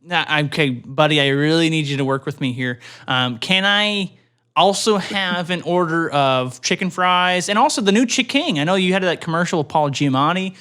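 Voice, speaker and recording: A man's voice: on the high side, moderate pace, pushed and bright, smooth. A man playing a stubborn stammering customer. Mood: pushy. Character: pushy confused male fast-food customer.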